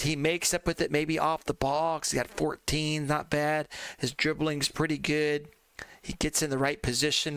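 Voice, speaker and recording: Gravelly man chatting over a game. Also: on the high side, fairly bright tone, no echo. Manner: rambling, chatty, addresses viewers as folks. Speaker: let's play host. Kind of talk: casual gaming commentary.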